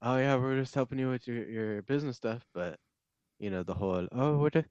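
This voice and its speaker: A man's voice: mid-range voice, a little fast, a little mellow, smooth, no echo. Blunt, swearing man on a dull line. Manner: profane, blunt, laid-back. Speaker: podcast co-host. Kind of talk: casual chat.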